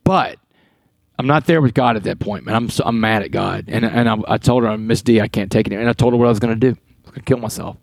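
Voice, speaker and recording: A man from Texas telling his life story as a podcast guest, earnest and animated, acting out dialogue as he goes. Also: on the low side, fast, gravelly, no room sound. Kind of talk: storytelling interview talk.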